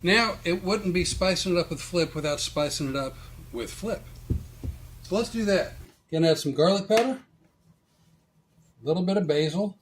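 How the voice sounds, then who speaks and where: A man's voice: high-pitched, normal speed, long pauses, slight background noise. A man hosting a casual cooking demonstration in a home kitchen, joking as he talks through each step. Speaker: cooking show host.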